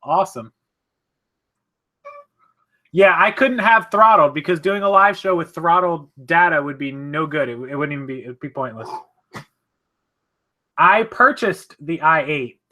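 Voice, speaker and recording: A man chats on a live stream from his home office, rambling loosely and correcting himself as he reads out comments. His voice is bright and forceful, sitting slightly above the usual male pitch. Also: animated, measured pace, long pauses. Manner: rambling, chatty, self-correcting. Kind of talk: casual live-stream chat, reading viewer comments.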